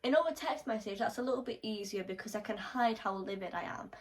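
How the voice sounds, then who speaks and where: Telling an animated storytime vlog, a young woman with a medium-pitched voice talks fast, cursing freely as she performs the quoted lines, all over poor audio.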